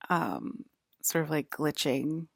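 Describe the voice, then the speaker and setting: Anxious woman vlogger, low and heavily fried, wandering talk, dry close sound. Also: lively intonation, slow pace, vocal fry, no room sound. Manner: hesitant, full of fillers and restarts. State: jittery and anxious. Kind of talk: rambling personal monologue.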